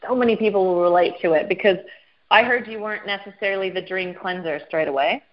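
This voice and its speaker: A woman's voice: mid-range voice, fast talker. A woman interviewing a guest in a casual chat, prompting him with questions. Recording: dull lo-fi sound.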